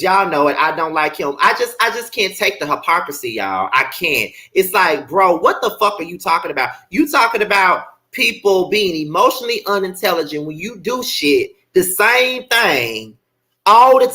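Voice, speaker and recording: A male vlog host rants bluntly and profanely to his viewers. His pitch swings in a lively way and his tone is bright and forceful. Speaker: commentary channel host. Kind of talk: casual commentary vlog.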